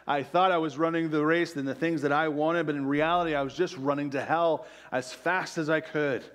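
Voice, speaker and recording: A middle-aged male pastor preaching a conversational sermon, peppered with "right?" asides and dropping to a soft hush on key phrases. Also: on the high side, fairly even intonation, fairly quick. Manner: drops to quiet, soft emphasis on key phrases.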